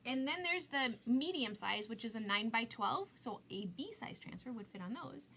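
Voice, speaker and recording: A woman's voice: a little high, lively intonation, moderate pace, bright, forceful tone, a little hiss or hum. A middle-aged woman hosting a casual live craft demo, chatty and self-mocking, laughing at herself often.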